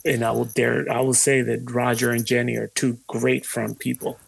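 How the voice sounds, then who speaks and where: A musician being interviewed, talking in a loose, rambling way with lots of fillers, swearing and easy laughs. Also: male voice, medium pitch, flat delivery, moderate pace, gravelly. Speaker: musician guest. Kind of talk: casual conversation.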